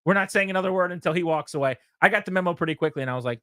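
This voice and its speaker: Male radio host, chatty storyteller, slightly high voice, dry close mic. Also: very fast, no echo. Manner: animated storyteller, acts out quotes with laughs. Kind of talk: casual sports talk storytelling.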